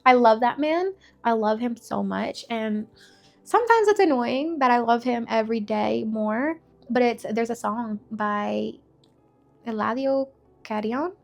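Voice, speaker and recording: A young woman shares her personal testimony in a frank, chatty manner, her voice gravelly with fry. She sits a little high in pitch and talks bluntly, peppering her story with filler words. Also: measured pace. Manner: candid and conversational, many filler words, blunt language. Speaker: faith testimony speaker.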